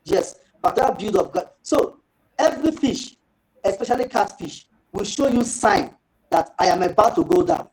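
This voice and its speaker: A man giving a fish farming training talk, lively and rhetorical, acting out little dialogues. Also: high-pitched, moderate pace, poor audio.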